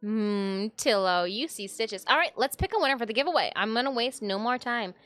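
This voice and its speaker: A woman in her thirties streams from her home, chatting playfully with viewers and her cat in a slightly high, expressive, brisk voice with a fairly bright tone. The sound is dry and close, with music running underneath.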